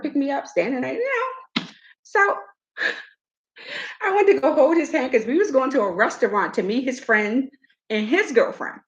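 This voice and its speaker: A middle-aged woman hosting a casual chat, telling a personal story in an animated way and acting out what others said. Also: high-pitched, dull audio. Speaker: host.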